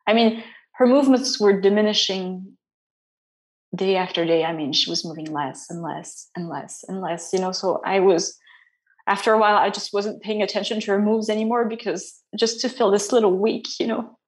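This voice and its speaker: A young adult woman, an interview guest, speaks in a soft, halting way. Her voice sits at a middling pitch, and she restarts her sentences often and leans on fillers. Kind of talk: personal interview.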